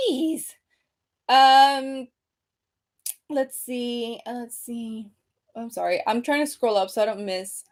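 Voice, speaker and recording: A woman in her thirties casually chatting on a home livestream, reading comments aloud with many ums and restarts. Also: on the high side. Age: 30s. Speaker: creator hosting a livestream. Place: room at home. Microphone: computer webcam mic, seated at desk.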